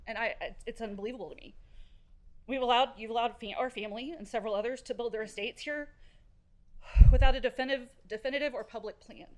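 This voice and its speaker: A middle-aged woman speaks at a council chamber podium in a fairly high voice. Her delivery is earnest and halting, with restarts. She sounds close and clear on the podium microphone. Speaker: resident giving public comment. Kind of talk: public comment at a council meeting.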